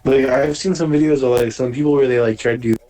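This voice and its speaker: A man's voice: mid-range voice, steady tone, quick pace, mellow, poor audio. A young man chatting casually as podcast co-host, swearing often and full of filler words. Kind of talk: casual chat.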